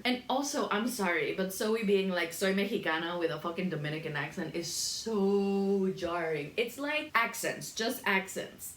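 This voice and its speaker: A woman's voice: mid-range voice, slight background noise. A woman hosting a cooking video, gossiping bluntly and swearing freely as she cooks in her home kitchen. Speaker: cooking channel host. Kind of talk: casual rant while cooking. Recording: roomy kitchen echo.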